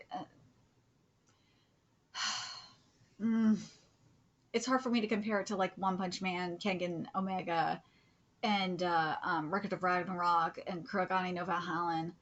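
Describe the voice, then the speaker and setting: A woman streaming a live manga reaction, gushing, cursing freely and often dropping into breathy whispers. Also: fairly low pitch, a bit bright, lo-fi sound. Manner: gushing, swears a lot, drops into whispers.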